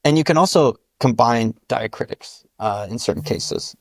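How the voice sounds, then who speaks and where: A man's voice: medium pitch, expressive, moderate pace, no room sound. A man, a linguist guest, explaining his constructed language methodically and spelling out each sound with an example word. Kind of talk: patient step-by-step explanation.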